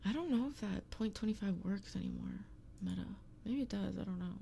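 A woman streams and chats casually with her viewers, blunt and profane, grumbling playfully. Her medium-pitched voice is fairly quick and dark, with vocal fry. A streaming microphone picks her up with a little hiss or hum.

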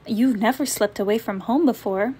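A woman voicing a gentle, patient mother bear who speaks in a motherly way in a storybook read-aloud. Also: a little high, moderate pace, husky.

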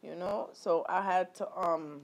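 A woman vlogging a candid personal story, animated and profane, leaping into high exclaimed quotes and talking straight to her viewers. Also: a little slow. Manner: repetitive filler-heavy talk addressing viewers directly.

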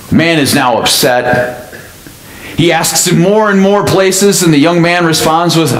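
A man's voice: a little high, a little slow. Man preaching in an echoey church. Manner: storytelling, conversational and lively. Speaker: pastor. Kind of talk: sermon. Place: church sanctuary. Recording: echoey church hall with faint noise.

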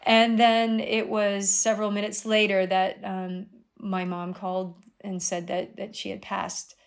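A woman's voice: a little slow, creaky. Middle-aged woman telling a personal story. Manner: animated retelling with sudden high exclamations. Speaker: guest, dream guide.

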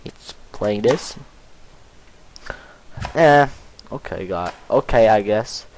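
Excitable man shouting over a game. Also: on the low side, takes it slowly, a little hiss or hum, low-quality recording. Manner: excitable, bursts into shouts and giggles, playful; broken, ungrammatical English phrasing. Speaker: gaming commentator. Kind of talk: let's-play commentary.

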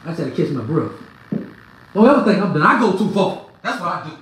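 Brief: excitable, heckling sports fan gone hoarse; pitch leaps all over, echoey room. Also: fast. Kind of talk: trash-talking reaction rant.

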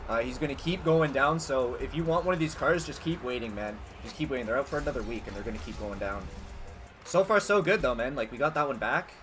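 A young man giving casual, excitable gameplay commentary as a gaming channel host, swearing and yelling at big plays. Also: mid-range voice, fast, faint music behind. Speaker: gaming youtuber.

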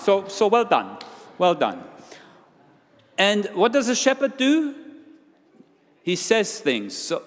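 A man leading an interactive children's sermon in a church, playful and full of questions to his young listeners. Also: on the high side. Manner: playful, questioning the audience, walking around while talking. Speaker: preacher leading a children's talk. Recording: long hall reverb.

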